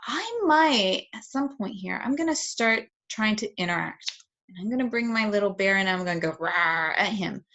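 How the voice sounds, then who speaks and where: A woman's voice: mid-range voice, a bit bright. A woman explains play stages to parents in a patient, instructional voice, walking through each step. She demonstrates with toys as she goes, sometimes growling like an animal. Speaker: parenting educator. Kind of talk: instructional talk with toy demonstration.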